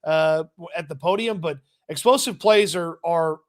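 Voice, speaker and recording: A man co-hosting a casual football talk show, giving relaxed analysis with frequent restarts. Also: fairly high pitch, normal speed. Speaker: sports show co-host.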